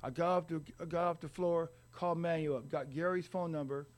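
A middle-aged man telling his own recovery story in a rambling, halting way with wry humor. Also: on the high side, fairly even intonation. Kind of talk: personal recovery story told to an audience.

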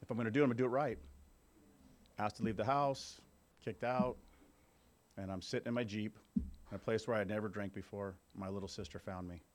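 A man's voice: fairly low pitch, steady tone, brisk, long pauses. A man in his fifties giving a candid personal recovery testimony to a group, talking conversationally and checking in with his listeners. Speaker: speaker at a recovery meeting.

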